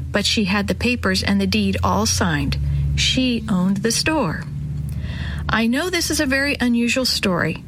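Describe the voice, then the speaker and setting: A woman reading a children's story aloud in a gentle, measured way, ending with a moral. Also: medium pitch, a little hiss or hum, rough recording.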